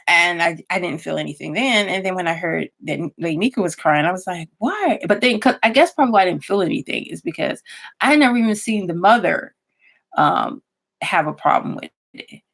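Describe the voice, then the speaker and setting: A woman's voice: lowish voice, gravelly, fairly bright tone. A woman vlogger chatting casually at her computer, rambling and restarting her sentences as she thinks aloud. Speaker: YouTuber. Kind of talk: casual vlog chat.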